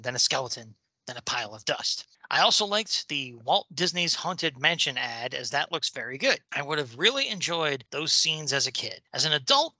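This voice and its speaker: A male podcast co-host reading out listener mail in a casual, joking way. His voice is slightly high and very bright. The sound is close and dry, with no room echo. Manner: jokey and upbeat, laughing often.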